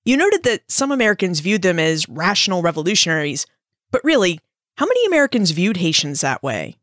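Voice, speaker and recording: A woman hosting a podcast asks a guest clear, probing questions. Her pitch moves lively up and down, and the recording is close and dry. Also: a little fast, no echo. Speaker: podcast host. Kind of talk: interview question.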